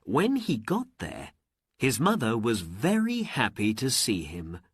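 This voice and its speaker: A man narrating a story for learners in slow, deliberate, expressive storybook narration. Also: mid-range voice, breathy edge.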